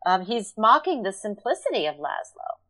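A woman's voice: medium pitch, big pitch swings, moderate pace, fairly bright tone. A woman co-hosting a podcast, talking casually and thoughtfully about a TV episode, with many fillers. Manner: thoughtful, analytical, with frequent fillers. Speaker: podcast co-host. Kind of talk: casual chat recapping a TV episode.

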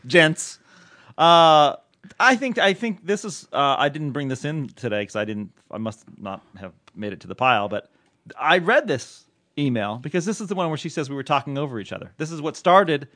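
A man's voice: fairly high pitch, lively intonation, normal speed, fairly bright tone. A man hosting a podcast, talking casually and joking, laughing often. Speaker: podcast host. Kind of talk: casual chat.

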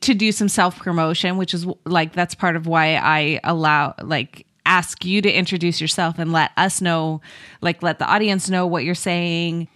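A woman hosting a podcast in casual chat, friendly and quick to laugh as she thinks aloud. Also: lowish voice, steady tone, fairly bright tone, dry recording, clean studio sound. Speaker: podcast host.

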